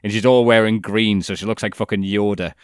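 A man's voice: fairly low pitch, steady tone, fairly quick, smooth, no room sound, clean studio sound. Laughing, rambling man. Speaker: podcast co-host. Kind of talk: casual chat.

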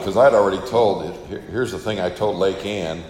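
Older guy, chatty missionary story, low voice, faint rumble under it. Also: normal speed, echoey room, long reverb tail. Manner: casual, chatty, acts out quoted dialogue. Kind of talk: storytelling testimony to an audience.

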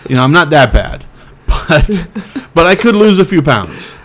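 A man's voice: fairly high pitch, very animated, measured pace, a bit bright. Rambling self-deprecating podcast host man. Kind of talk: casual chat.

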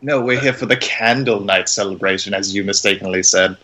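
A man's voice: on the low side, fairly quick, pushed and bright. A man at a tabletop game, cracking blunt jokes. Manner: wisecracking, blunt. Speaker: player. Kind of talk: joking tabletop play. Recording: noisy mic.

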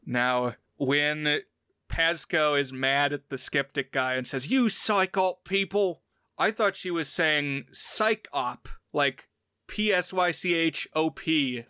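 Bright, crisp-voiced man explaining details. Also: on the high side, slow, no echo, clean studio sound. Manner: explanatory, walks through details methodically. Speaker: podcast co-host. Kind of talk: casual review chat.

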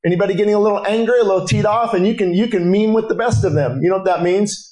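A man's voice: sits high, rapid-fire, a little mellow, echoey room, rough recording. A middle-aged man preaching a sermon at a breakfast gathering, earnest and rising into urgent exhortation.

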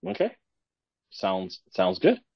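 A man's voice: low-pitched, wildly swooping pitch, slow pace, gravelly, no echo. A man co-hosting a podcast in casual chat, agreeable and often repeating his words. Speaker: podcast co-host. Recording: dull lo-fi sound.

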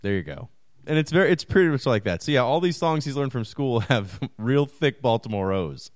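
Easygoing male co-host, lively mid-range voice, dry close sound, laughs through his stories. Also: medium pitch, brisk, dry recording. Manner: easygoing, laughs often while telling stories. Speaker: podcast co-host. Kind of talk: casual chat.

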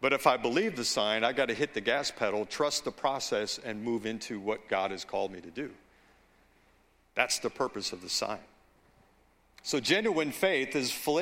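Bright-voiced slow-preaching man. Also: mid-range voice, animated. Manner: slow, deliberate preaching with asides and call-outs to the congregation. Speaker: pastor. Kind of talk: sermon.

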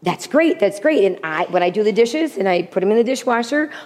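A woman preaching a sermon with humor, animated, often repeating her key phrases. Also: medium pitch, brisk. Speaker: women's speaker. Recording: long hall reverb.

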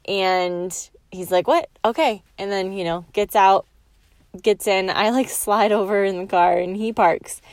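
A woman's voice: medium pitch, no echo. A young woman hosting a podcast, telling a personal story in a chatty way, full of "like" fillers. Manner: soft, slow and soothing in the meditation, quietly whispering at times; chatty and animated, with many "like" fillers. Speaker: podcast host. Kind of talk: guided relaxation, then casual storytelling.

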